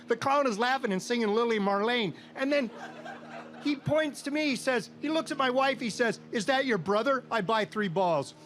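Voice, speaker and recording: This is a very high-pitched middle-aged Minnesotan spinning a funny story with dry, deadpan timing for a live audience at an outdoor state fair stage. The audio carries a little hiss or hum.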